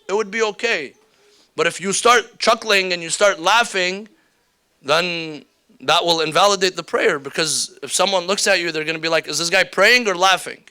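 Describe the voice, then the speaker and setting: Bright, clear-voiced male lecturer. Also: high-pitched. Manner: explanatory, repeats key rulings, acts out quick examples. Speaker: religious teacher. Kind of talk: workshop lecture. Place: indoor hall or classroom with slides.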